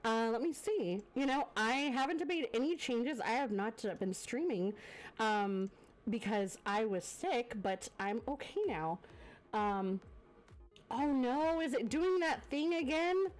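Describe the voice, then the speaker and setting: A congested woman live-streaming from her home setup, her voice sitting a little high. She gushes over her viewers with lots of ums and restarts, speaking close into a desk microphone. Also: expressive, a little slow. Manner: effusive, gushing thanks to viewers with many fillers. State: congested from a lingering cough. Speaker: variety streamer hosting a guest. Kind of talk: casual live-stream chat.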